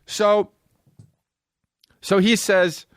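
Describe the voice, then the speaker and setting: A man in his thirties hosting a podcast, telling a comedic story in a profane, animated way and acting out both sides of it. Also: high-pitched, extremely slow, no room sound, studio quality. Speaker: podcast host.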